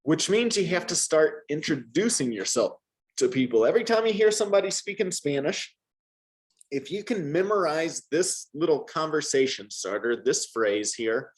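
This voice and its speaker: A man teaching a one-on-one Spanish lesson, patient and encouraging, modeling words for the student to repeat. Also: fairly high pitch.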